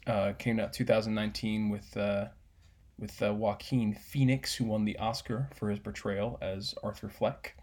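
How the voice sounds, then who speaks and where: A man co-hosting a casual chat podcast, swearing, teasing and talking with animated energy. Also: lowish voice, moderate pace. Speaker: podcast co-host.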